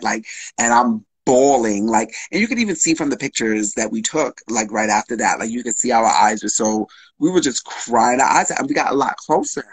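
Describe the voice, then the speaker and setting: A man's voice: mid-range voice, lively intonation, brisk, husky, rough recording. A man guest telling an open, emotional personal story on a live stream, frank and casual with swearing.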